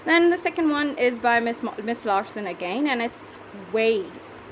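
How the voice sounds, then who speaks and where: A woman's voice: a little high, lively intonation, unhurried, noisy background. A woman teacher with a Pakistani English accent, patiently explaining a poetry lesson step by step and counting syllables aloud.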